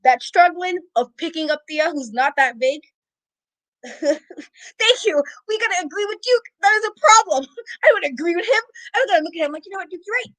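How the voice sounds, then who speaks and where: A woman co-hosting a casual wrestling talk show, ranting in a sassy, exasperated, animated way. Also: very high voice, moderate pace, no echo, rough recording. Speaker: podcast co-host. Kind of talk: casual wrestling recap rant.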